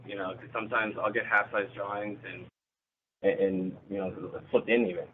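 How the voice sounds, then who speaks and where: A man's voice: lowish voice, fairly even intonation, normal speed. A man presenting at a user group meeting, answering audience questions in an informal, practical way, thinking aloud. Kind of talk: casual Q&A answers. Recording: tinny phone-like sound with faint noise.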